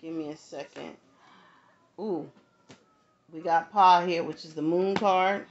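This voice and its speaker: A low-voiced woman, not from the American South, gives a casual tarot reading in a steady tone, taking her time. She's conversational, with frequent asides and check-ins to viewers, and the lo-fi recording sounds dull, with faint background noise.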